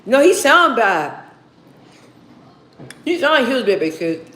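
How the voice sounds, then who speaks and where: A streamer answers viewer questions in casual chat, her fairly high voice animated and a little slow. She tells stories with slang and acted-out quotes. The room is echoey, with a faint hum in the background.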